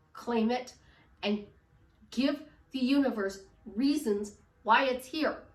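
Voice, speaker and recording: A woman's voice: fairly high pitch, reverberant, distant mic. A woman life coach giving an upbeat, emphatic motivational talk. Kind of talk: motivational vlog monologue.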